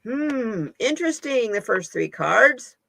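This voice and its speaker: Slow, chatty woman. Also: a little high, sing-song, vocal fry, a bit bright. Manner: chatty, folksy, laughs often. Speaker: host and card reader. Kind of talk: casual live-stream chat.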